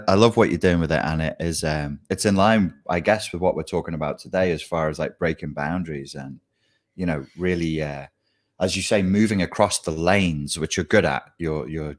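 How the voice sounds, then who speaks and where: A man who writes and coaches, talking in a halting way with frequent restarts in a casual conversation. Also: low-pitched. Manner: halting, restarts words often. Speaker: author and trauma coach.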